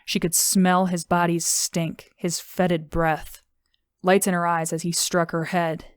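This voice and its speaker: A woman reading an audiobook in a steady, even narration. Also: on the low side, measured pace, clean tone, no room sound. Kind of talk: scripted narration.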